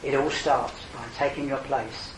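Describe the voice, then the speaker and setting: A man's voice: medium pitch, steady tone, measured pace, slight background noise. Older man preaching earnestly, far off. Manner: earnest, rising to emphatic exclamations then dropping soft. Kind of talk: evangelistic sermon. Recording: roomy hall, distant mic, faint ambience.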